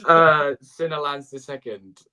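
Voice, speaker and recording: Brisk play-by-play tennis commentator man. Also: a little high, level tone, sharp tone, clear, resonant tone. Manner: brisk, self-correcting, apologetic asides. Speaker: co-host calling play-by-play.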